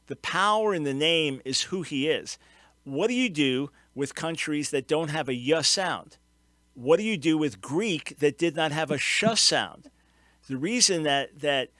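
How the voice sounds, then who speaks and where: A man hosting a call-in radio show, voice pitched a little high and recorded very dry. He explains each point earnestly, pressing hard on the key words. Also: a bit bright, no echo.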